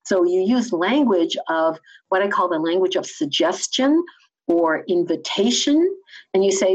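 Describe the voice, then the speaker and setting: A woman's voice: fairly low pitch, measured pace. Enthusiastic Canadian woman explaining. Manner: enthusiastic, lively, teacherly. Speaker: communication trainer. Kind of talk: explaining in a conversational interview. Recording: slightly dull lo-fi sound.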